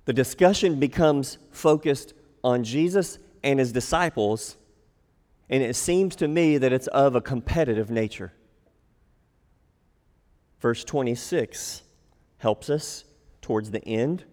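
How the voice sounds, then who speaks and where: A man's voice: mid-range voice, takes it slowly, pauses often, a little mellow. A man preaching a sermon, acting out quoted lines in a raised voice. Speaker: pastor. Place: church sanctuary. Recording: long hall reverb.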